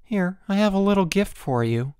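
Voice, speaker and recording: A man voicing a shy, earnest schoolboy who talks softly and hesitantly. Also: sits high, expressive, moderate pace, smooth, no room sound, studio quality, voice pushed up.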